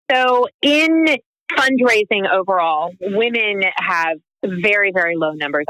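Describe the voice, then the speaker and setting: Earnest lady guest making a point, bright tone, mid pitch. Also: dry recording, rough recording. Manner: earnest, persuasive, stresses statistics. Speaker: guest, founder of a women's business group. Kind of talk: interview answers.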